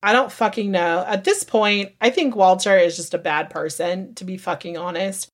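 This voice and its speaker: A woman hosts a casual true-crime podcast, telling the story with heated, profane emphasis. Her voice sits at a middle pitch for a woman. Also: normal speed. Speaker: podcast host.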